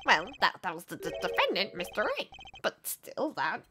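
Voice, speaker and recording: A woman's voice: medium pitch, huge pitch swings, normal speed, bright, forceful tone, slight background noise, voice pushed down. A woman streamer voicing a smug middle-aged male prosecutor in a nasal voice, reading game dialogue aloud.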